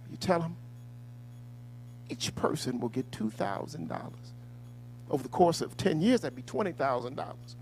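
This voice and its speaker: High, animated male host; hushed mock-calm that erupts into preaching rants. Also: slight background noise, rough recording. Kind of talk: live-stream commentary segment.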